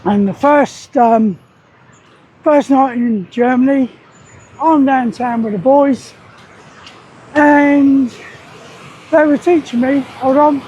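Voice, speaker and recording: A man's voice: extremely high pitch, slow, pauses often, a little mellow, lo-fi sound, a little hiss or hum. A man, telling stories in a rambling, plain-spoken way as he vlogs outdoors beside a weir. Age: 60s. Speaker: army veteran vlogger. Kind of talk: casual spoken vlog.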